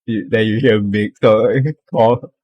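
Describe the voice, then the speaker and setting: A man narrating as game master of a tabletop game, halting and laughing often. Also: lowish voice, fairly even intonation, dry recording, dull audio.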